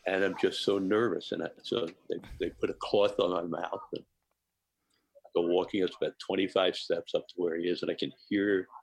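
An older man telling animated anecdotes as a podcast guest, often laughing between phrases. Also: deep voice, a little fast, vocal fry, slightly rough. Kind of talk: storytelling in a podcast interview.

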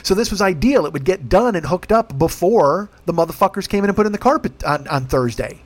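A male podcast host tells a long, rambling story in casual, profane language, often restarting and sounding exasperated. His voice is high, animated and fairly quick.

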